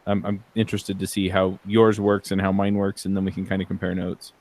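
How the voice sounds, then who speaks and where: A man's voice: low-pitched, monotone, a little fast, darkish tone, no room sound. A man co-hosting a podcast, chatting casually with many ums and restarts. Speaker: podcast co-host. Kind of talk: casual chat.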